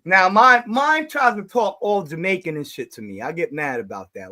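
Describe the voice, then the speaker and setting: A male streamer with a high, ringing voice hosts in loud, laughing banter full of cussing. He talks casually and teases his co-host. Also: expressive, moderate pace. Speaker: livestream host. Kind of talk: casual chat.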